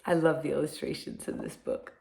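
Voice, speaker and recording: A woman, a kindergarten teacher, reading a picture book aloud to young children in an animated storytelling manner and inviting them to say lines along with her. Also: deep voice, a little fast, creaky, a little hiss or hum. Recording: roomy echo.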